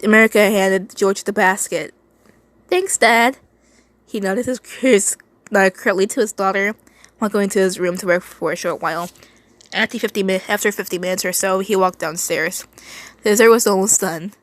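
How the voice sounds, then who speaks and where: A woman's voice: medium pitch, steady tone, fairly quick, dry recording. A woman reading a fan story aloud, often stumbling, repeating words and stopping to make asides. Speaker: reader.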